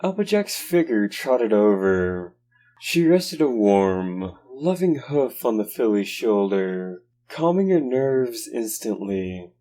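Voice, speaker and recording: A man narrating a horror story slowly and dramatically. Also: on the low side, very animated, dark tone. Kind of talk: dark horror story reading.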